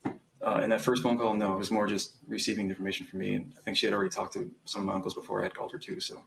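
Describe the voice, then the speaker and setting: Young male witness on the stand, gravelly low voice, hesitant recounting. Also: level tone, rapid-fire, a bit bright, slight background noise, poor audio. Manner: hesitant, recounting events with frequent ums. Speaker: trial witness. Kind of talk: courtroom testimony.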